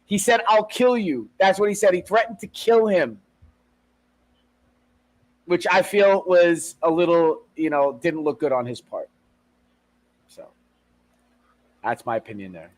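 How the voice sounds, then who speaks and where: A man co-hosting a podcast in casual chat, retelling events in an animated way, swearing and acting out what people said. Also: on the high side, unhurried, pauses often, rough recording. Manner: animated retelling with profanity and acted-out quotes. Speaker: podcast co-host.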